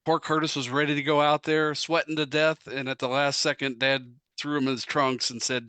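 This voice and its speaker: A man, a son at a family celebration, retelling a story with quick, animated delivery. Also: on the high side, clean tone, dry recording. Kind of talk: casual storytelling.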